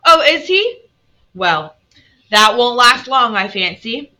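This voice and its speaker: A woman voicing a sharp-tongued, gruff old aunt who scolds and grumbles. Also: a little high, big pitch swings, slow, voice pushed up, exaggerated voice. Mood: scolding.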